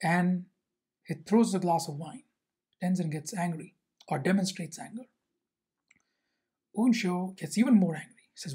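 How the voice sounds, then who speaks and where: A teacher tells a Zen koan and then unpacks it in a measured way, pausing to ask rhetorical questions. The voice is husky and breathy, with a middling pitch. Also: mellow. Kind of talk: storytelling and explaining a koan.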